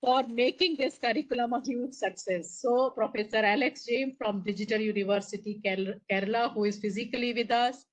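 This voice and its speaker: A woman's voice: fairly high pitch, fairly even intonation, fairly quick, hardly any pauses, low-quality recording. A woman moderating a session and giving formal closing remarks, earnest and emphatic as she reads a long list of names. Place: conference hall.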